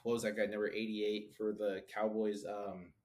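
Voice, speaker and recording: A man in his thirties tells a story on a casual podcast, acting out each person he quotes. His voice sits a little low. He sounds relaxed and chatty with his co-host. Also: moderate pace. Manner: animated storyteller, acts out quoted people. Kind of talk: casual chat.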